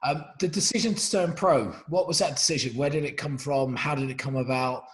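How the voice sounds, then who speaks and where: A man's voice: fairly high pitch, fairly quick. A man hosting a casual interview over a video call, friendly and stacking several questions at once. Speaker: podcast host, interviewer.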